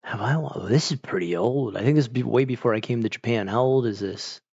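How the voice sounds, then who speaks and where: A man's voice: medium pitch, brisk, vocal fry, a little mellow, slightly rough, dry recording, dull audio. A man chatting casually with viewers on a live stream, rambling and laid-back. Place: home, evening stream.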